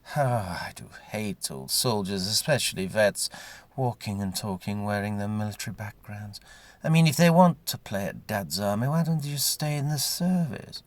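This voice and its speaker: A man's voice: on the low side, lively intonation, moderate pace, no room sound, close to an everyday voice. A man voicing a sardonic, snobbish who mutters wry asides.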